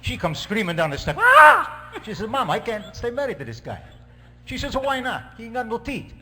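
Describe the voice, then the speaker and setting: A man's voice: high voice, very animated, a little fast, a bit bright, soft background music. A man playing a joking Italian priest with a put-on Italian accent and broken English, telling jokes in a comedy sketch. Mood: jovial. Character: joking middle-aged male Italian priest. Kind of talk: stand-up character sketch.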